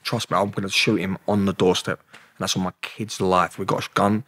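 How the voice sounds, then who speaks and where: Low, flat and brisk, his voice has a fairly bright, husky tone, captured in studio quality with no echo. He's a Londoner guesting in an interview, telling stories bluntly with slang, heavy swearing and acted-out dialogue.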